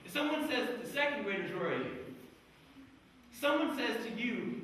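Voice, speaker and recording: A man giving a lively career day speech to schoolchildren, telling a story and quizzing them. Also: very high-pitched, normal speed, a little hiss or hum. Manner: animated storyteller, quizzing the kids. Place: school hall. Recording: echoey hall, mic far off.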